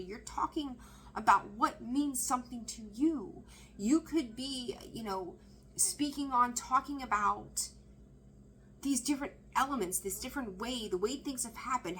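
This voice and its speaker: A woman's voice: fairly high pitch, a little hiss or hum, low-quality recording. Chatty woman giving a tarot reading. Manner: chatty, excitable, laughs and trails off mid-sentence. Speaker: tarot reader. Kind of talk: casual tarot reading to camera.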